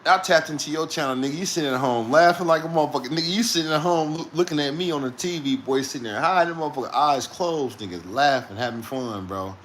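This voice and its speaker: A man's voice: on the high side, fast, hardly any pauses, fairly bright tone, a little hiss or hum. A man who drives trucks, telling a rambling story in casual talk, swearing often and laughing between lines.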